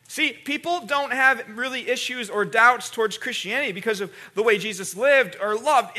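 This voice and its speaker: A pastor preaches to his congregation in a church, talking in a loose, conversational way and restarting his words as he goes. His voice sits very high and bright for a man. He keeps asking the room to repeat after him and answer back. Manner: calls on the congregation to respond. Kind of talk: sermon. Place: church sanctuary.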